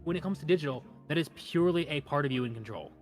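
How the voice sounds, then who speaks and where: A man's voice: a little high, expressive, rapid-fire, faint music behind. A man in casual stream chat, rambling and repeating words as he thinks aloud.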